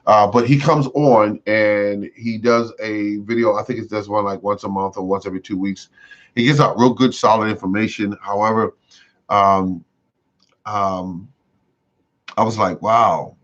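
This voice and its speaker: A man's voice: on the low side, fairly even intonation, unhurried. A man hosting a casual gardening livestream, rambling and repeating himself with many fillers. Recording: dull lo-fi sound.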